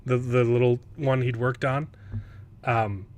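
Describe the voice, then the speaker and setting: A man hosting a casual panel chat, animated and mocking, often stumbling over words and restarting. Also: medium pitch, measured pace. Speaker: host.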